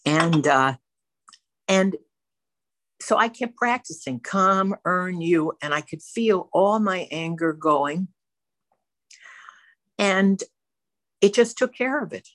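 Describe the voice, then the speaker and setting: A woman's voice: fairly low pitch, lively intonation, takes it slowly, pauses often, a bit bright, no echo. A woman telling her personal recovery story in a candid, self-reflective way, as a member of a twelve-step program speaking to a camera. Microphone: facing a camera.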